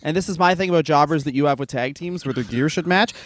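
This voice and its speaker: A young man co-hosting a comedy podcast, riffing in a jokey, profane, animated way. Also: a little high, fast talker. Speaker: podcast co-host. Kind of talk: casual comedic chat.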